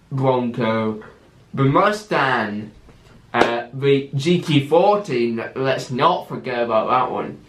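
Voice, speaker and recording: A man's voice: mid-range voice, roomy sound. A man hosting a casual solo podcast who stammers and restarts his words often. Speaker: podcast host.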